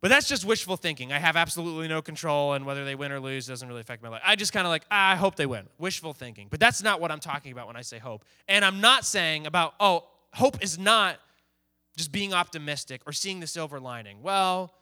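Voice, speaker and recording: A man's voice: a little high, lively intonation, quick pace, pushed and bright. A young man preaching casually to a youth group, telling a story animatedly and acting out the quoted lines. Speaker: youth pastor. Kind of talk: sermon.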